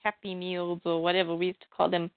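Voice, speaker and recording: A woman co-host in a casual chat, chatty and quick to laugh, with many fillers. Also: on the low side, monotone, no room sound. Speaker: podcast co-host. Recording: tinny phone-like line.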